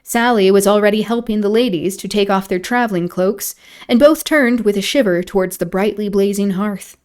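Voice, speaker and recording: A woman reads a novel aloud at an even, mid-range pitch, dropping into wry, mocking asides. Her reading is casual and unpolished. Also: normal speed. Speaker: streamer reading a book aloud.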